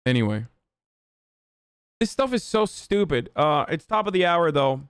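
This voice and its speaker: A livestreamer rants with heavy profanity, reading his viewers' chat aloud and responding. His voice is a little high with big pitch swings and an unhurried delivery, captured in clean, echo-free studio quality.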